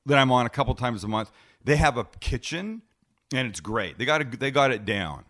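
Sitting in his living room for a podcast interview, this middle-aged man, known for hosting a TV cooking show, speaks in a brisk, mid-range voice. He spins casual, lively stories, playing out the conversations himself.

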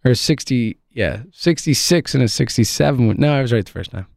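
A man's voice: mid-range voice, animated, a little fast, gravelly, a little mellow, dry recording, studio quality. A man, ranting in frustration about his baseball team, rambling and laughing bitterly. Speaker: sports fan commentator. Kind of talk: ranting sports commentary.

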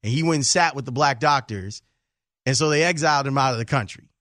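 A man's voice: mid-range voice, quick pace, fairly bright tone, no room sound, clean studio sound. A man hosting a sports radio show, telling stories in a jokey, self-mocking way. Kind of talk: casual sports radio chat. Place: radio studio.

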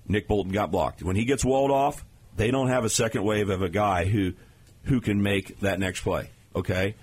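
A man's voice: on the low side, slightly rough. A man talking as a guest analyst on a sports radio show, explaining plays in an emphatic way.

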